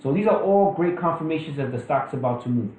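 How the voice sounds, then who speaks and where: A man's voice: on the high side, animated, fast talker, darkish tone, roomy sound, dull audio, slight background noise. A man casually walking through stock charts in a trading lesson, loose and full of fillers and restarts. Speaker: trading educator. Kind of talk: screen-share stock chart walkthrough.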